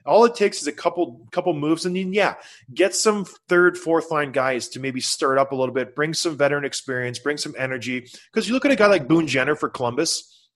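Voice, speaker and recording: A middle-aged man co-hosting a casual sports talk show, animated and jokey. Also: fairly high pitch, fairly quick. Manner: animated, jokey, bursts into loud bits. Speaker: sports podcast co-host.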